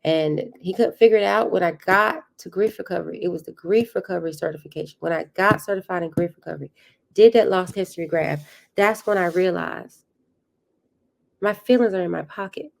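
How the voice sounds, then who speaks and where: Low, gravelly-voiced woman podcast host. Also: fairly quick. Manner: earnest, repeats key phrases for emphasis. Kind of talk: reflective motivational monologue.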